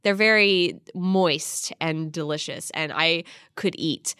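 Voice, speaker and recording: A woman hosting a casual podcast, reading listener emails aloud in a giggly, animated, self-mocking way. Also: deep voice, slow pace, clean tone, dry recording, clean studio sound. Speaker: podcast host.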